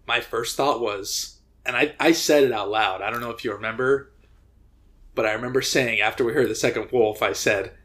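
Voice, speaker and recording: Brief: male podcast co-host, mid-pitched, loose rambling storyteller, lots of ums and restarts. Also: normal speed, a bit bright. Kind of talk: casual chat.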